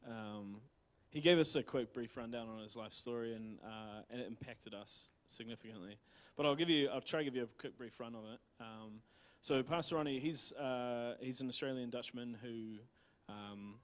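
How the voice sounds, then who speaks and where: New Zealand man telling a church story. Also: medium pitch. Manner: rambling, many fillers and restarts. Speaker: church speaker sharing a mission story. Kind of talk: casual sermon storytelling.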